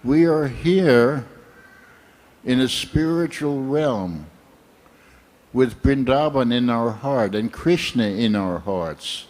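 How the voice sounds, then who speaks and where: Older male temple speaker, slow, unhurried sermon, reflective storyteller, mid-pitched voice. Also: expressive, darkish tone.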